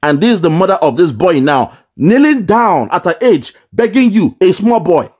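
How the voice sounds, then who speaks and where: Indignant man, slightly high voice. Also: big pitch swings, moderate pace, darkish tone. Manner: indignant, emphatic, stumbling repeats. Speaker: commentator. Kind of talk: angry political commentary.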